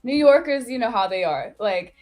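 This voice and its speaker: A woman's voice: a little high, animated, moderate pace, a little mellow, faint music behind. A young woman hosting a casual livestream chat, chatty and easygoing, who laughs easily and swears now and then. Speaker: host.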